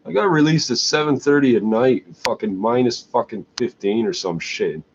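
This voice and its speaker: A man's voice: mid-range voice, moderate pace. A middle-aged man in a crude, scornful, profane ranting monologue. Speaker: vlogger. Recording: dull lo-fi recording with faint hiss.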